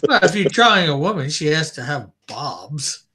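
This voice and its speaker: A man's voice: on the high side, sing-song, moderate pace, sharp tone. A man co-hosting a live drawing stream, reading viewer comments aloud and joking, with frequent laughs. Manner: laughs often. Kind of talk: casual chat.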